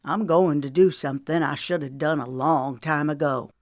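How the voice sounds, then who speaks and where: A woman's voice: low-pitched, moderate pace, dry recording, clean studio sound, close to an everyday voice. A woman doing a stern, determined young man. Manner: demanding, firm.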